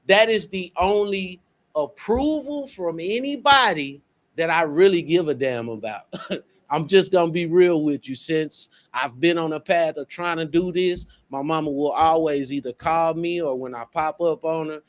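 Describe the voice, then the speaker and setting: A man's voice: fairly high pitch, moderate pace. A young man, hosting a casual radio show in an earnest way, often repeating words as he talks.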